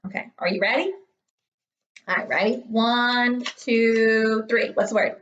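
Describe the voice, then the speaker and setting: A woman's voice: on the high side, measured pace, a bit bright, dull audio. A young woman teaching third graders in an upbeat, encouraging recorded online lesson. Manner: upbeat, encouraging, talks to children.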